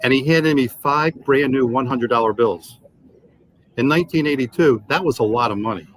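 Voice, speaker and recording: A man in his sixties, a sales trainer, telling animated anecdotes and acting out the dialogue in a podcast interview. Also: medium pitch, moderate pace, rough recording. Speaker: guest, automotive sales trainer.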